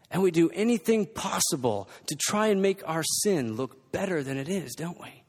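Guy preaching, pitch jumping all over, hammering his points home, big hall echo. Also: lively intonation, normal speed, darkish tone. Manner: emphatic, repetitive exhortation. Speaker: pastor. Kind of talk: sermon. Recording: long reverb from a large hall.

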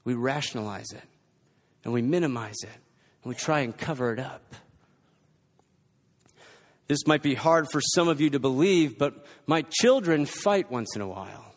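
A man's voice: mid-range voice, animated, normal speed, pauses often. A man preaching a sermon, reading scripture and pressing his points with emphatic, repeated exhortations. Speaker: pastor. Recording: long reverb from a large hall.

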